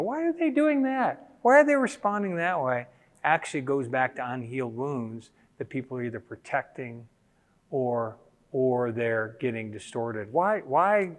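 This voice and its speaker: A middle-aged man giving a sermon-style teaching talk, telling personal stories and acting out quoted voices. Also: medium pitch. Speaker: speaker. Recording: long hall reverb.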